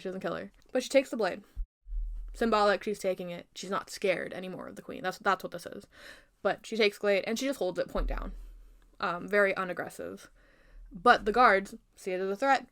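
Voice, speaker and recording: A woman's voice: mid-range voice, moderate pace. Chatty woman retelling a story. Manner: chatty, animated, with playful asides. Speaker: video creator. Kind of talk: casual storytelling commentary.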